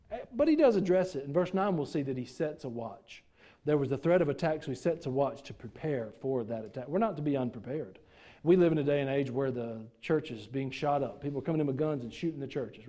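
A man's voice: a little high, mellow. A middle-aged man preaching a sermon in a church, folksy and joking, full of rhetorical questions to the congregation. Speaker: pastor.

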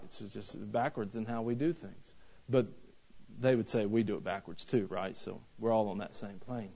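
A man's voice: medium pitch, a little mellow, muffled recording. A man preaching a sermon. He talks in a folksy, joking way that builds into fervent preaching. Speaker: pastor.

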